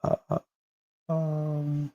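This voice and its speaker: A man hosting a political commentary livestream, hoarse from a cold, talking heatedly with rhetorical questions and frequent restarts. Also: a little high, completely flat delivery, extremely slow, warm tone, dull audio. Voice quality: husky. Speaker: livestream host.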